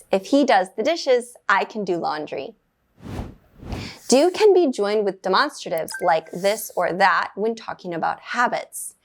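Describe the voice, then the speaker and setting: A woman teaching beginner English grammar from a script. She speaks clearly and at a measured rate, and her voice lifts brightly whenever she praises the learner. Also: mid-range voice.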